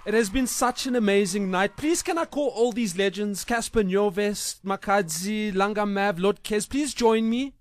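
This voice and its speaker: A man's voice: sits high, normal speed, few pauses, dry recording, natural voice. A man playing a gushing female pop star who becomes a genie. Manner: breathless, over-the-top gushing.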